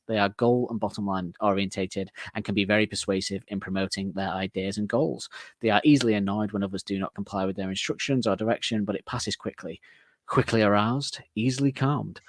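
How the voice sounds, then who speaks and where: Low-voiced, chatty male podcast co-host. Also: dry recording. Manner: chatty and rambling, laughs often. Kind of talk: casual music podcast chat.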